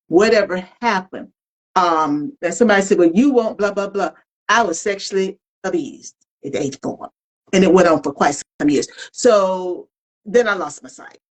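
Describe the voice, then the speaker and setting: A low-leaning female voice comes through a rough recording. She's a middle-aged podcast co-host chatting casually, candid and colloquial, animated and openly reflective.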